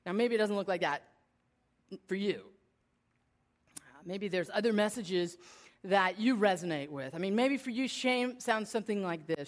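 Brief: woman in her forties, animated self-deprecating storyteller, medium-pitched voice. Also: normal speed, pauses often. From United States. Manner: animated, self-deprecating, lively shifts between bright and hushed. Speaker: speaker addressing an audience. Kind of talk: personal storytelling talk.

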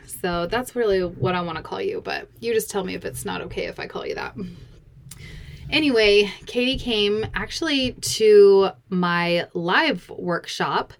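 A woman hosting a podcast in casual chat, bubbly and laughing often, a little out of breath. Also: medium pitch. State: slightly out of breath. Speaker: podcast host.

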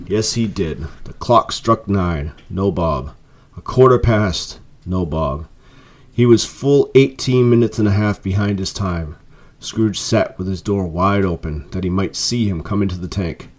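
Guy reading an old classic aloud, lowish voice, measured and expressive. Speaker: narrator.

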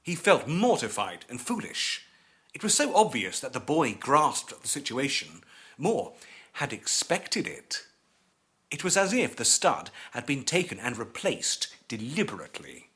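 A male narrator reads an eerie old-fashioned tale as an audiobook, with measured pacing. His middle-pitched voice rises and falls in a lively, animated way to shape the story.

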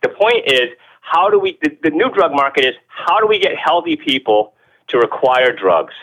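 A man being interviewed as a guest, explaining his views in an animated, emphatic way, often repeating words and asking rhetorical questions. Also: a little high, normal speed, poor audio. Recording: radio-show audio.

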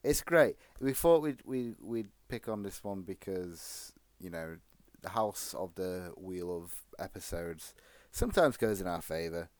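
Man, very low voice, dry close sound, rambling jokey podcast chat. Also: expressive, measured pace, a little mellow, no echo. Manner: rambling and jokey, with many restarts. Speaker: podcast co-host. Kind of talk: casual chat.

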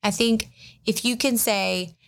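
A woman's voice: a little high, steady tone, slow pace, vocal fry. A woman co-hosting a podcast, chatting casually with many fillers and a self-deprecating tone. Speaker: podcast co-host.

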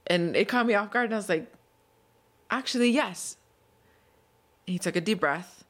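A young adult woman with a lowish voice speaks fast as she hosts a solo podcast. She tells a story and explains things in an earnest, upbeat, conversational manner.

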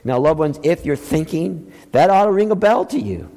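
High-voiced man preaching in a reverberant hall. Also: animated, normal speed. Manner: emphatic preaching with rhetorical questions, swinging from loud highs to quiet lows. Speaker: pastor. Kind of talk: sermon.

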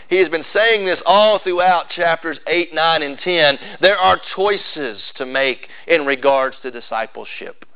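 A man's voice: on the high side, unhurried, hardly any pauses, smooth, dull audio. A male pastor, preaching a sermon with emphatic, building repetition.

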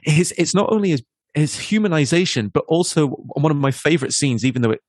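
A man's voice: on the high side, brisk, no room sound. Man laughing through film chat, dry sound. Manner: animated, laughs while recounting scenes. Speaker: podcast co-host. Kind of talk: casual film discussion.

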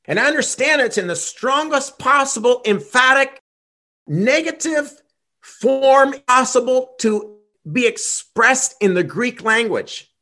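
A man's voice: extremely high pitch, lively intonation, slow pace, pushed and bright. A man preaching a gospel sermon, earnest and emphatic, repeating key phrases for weight.

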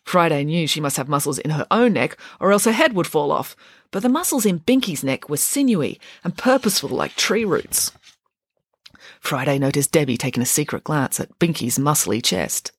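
A woman narrating a children's storybook in an expressive, lively way. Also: sits low, moderate pace, no room sound, clean studio sound. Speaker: audiobook narrator.

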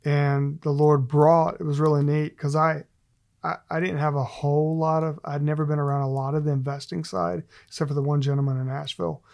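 A middle-aged man with a gravelly, creaky voice, pitched a bit above most men's yet flat and level, speaks briskly as a guest in a relaxed faith conversation. He tells self-deprecating stories and laughs often along the way.

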